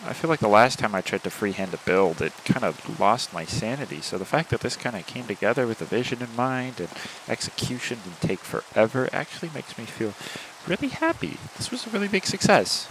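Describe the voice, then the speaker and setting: A man hosting a game let's play, talking casually and breaking into loud comic rants. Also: mid-range voice, fairly quick, few pauses, a little hiss or hum. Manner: animated, swings from mumbling asides to loud shouting.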